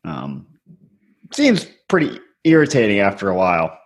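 A man co-hosting a podcast in casual chat, calm and matter-of-fact. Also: lowish voice, normal speed. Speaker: podcast co-host.

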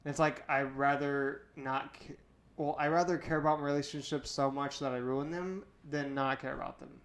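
A man's voice: medium pitch, fairly even intonation, moderate pace. A young man talking candidly in a casual podcast chat, rambling with lots of fillers. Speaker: podcast guest.

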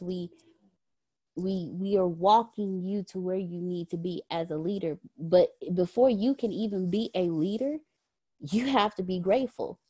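A woman's voice: medium pitch, mellow. A woman facilitating a leadership class call, talking earnestly about gratitude, often repeating words. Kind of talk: motivational talk. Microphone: phone or video call.

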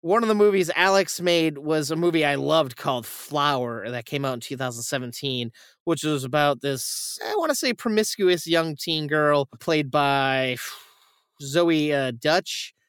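Bright, crisp-voiced young man swearing casually. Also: fairly high pitch, a little slow, no room sound, clean studio sound. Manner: rambling, profane, animated retelling with acted quotes. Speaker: podcast host reviewing films. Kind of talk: casual chat.

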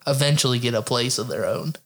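A man's voice: mid-range voice, animated, fast talker, a bit bright. A man in casual chat, telling stories with heavy swearing and frequent laughter. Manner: laughs often, swears constantly. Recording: faint background noise.

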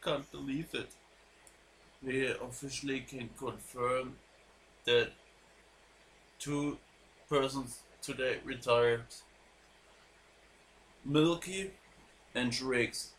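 A man hosts a podcast and calls the matches of an online wrestling show at an unhurried pace. He sounds deeply moved, stumbling through restarts and repeated words. A faint hum sits under his voice. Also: fairly even intonation, a bit bright. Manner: deeply moved, emotional delivery. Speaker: podcast host and commentator.

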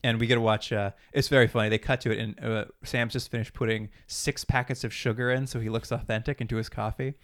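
A man's voice: mid-range voice, little pitch movement, quick pace, few pauses. A man co-hosting a podcast, retelling TV episode scenes in casual chat and acting out the characters' lines. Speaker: podcast co-host.

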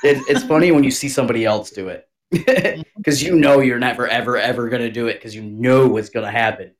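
A man's voice: medium pitch, fairly quick. A man co-hosting a podcast, joking and swearing casually and acting out the people he quotes. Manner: joking, swears freely, acts out quoted voices. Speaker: podcast co-host. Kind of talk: casual banter.

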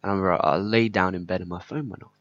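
Male podcast host, low-pitched, rambling and candid, dull lo-fi sound. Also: fairly even intonation, racing, a bit bright. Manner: candid, rambling, swears often. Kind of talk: personal podcast monologue. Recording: slightly dull lo-fi audio.

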